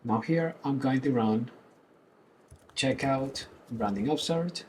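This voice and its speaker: A man presenting a screen-recorded web development tutorial, explaining each step calmly. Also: medium pitch, slow, slight background noise, poor audio.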